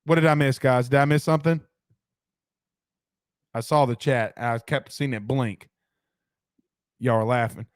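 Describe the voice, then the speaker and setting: A man's voice: mid-range voice, a little slow, long pauses, dry recording, studio quality. A man hosting a casual sports podcast, ranting with rhetorical questions and reacting to the live chat. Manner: animated, rhetorical questions, reads chat aloud. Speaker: sports talk show host.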